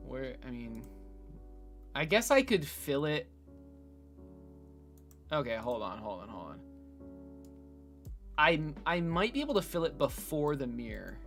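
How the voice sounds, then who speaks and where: A man thinking out loud in a casual screen-recorded build log, hesitant with many fillers and restarts, from his room at home. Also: mid-range voice, very animated, measured pace, long pauses, soft background music. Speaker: hobbyist robot builder. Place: bedroom at home.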